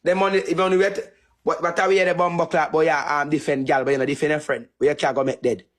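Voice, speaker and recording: A man's voice: on the high side, little pitch movement, fast talker. Heated Jamaican man ranting. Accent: Jamaican Patois. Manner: repetitive, taunting, heated. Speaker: TikTok streamer. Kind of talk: angry insult rant on a live stream.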